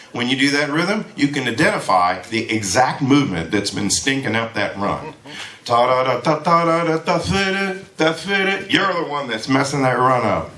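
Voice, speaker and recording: A man leads a trombone masterclass, lecturing students in an animated way and breaking into sung rhythms. His voice sits a little low but sounds bright and forceful. The sound carries a roomy echo, as from a hall. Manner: animated, sings rhythms aloud. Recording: echoey room.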